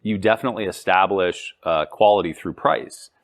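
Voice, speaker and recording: A man with a very low voice hosting a podcast. He chats casually and backs up his guest with frequent short agreements. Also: moderate pace. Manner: supportive listener, many short agreements. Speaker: podcast host. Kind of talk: casual interview chat.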